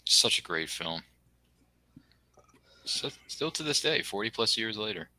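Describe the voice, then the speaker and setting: A man's voice: on the low side, lively intonation, a little slow, sharp tone, slight background noise. A man competing in an online trivia quiz, giving answers and muttering comments about the films. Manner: muttering, self-critical asides. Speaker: trivia contestant. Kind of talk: casual chat.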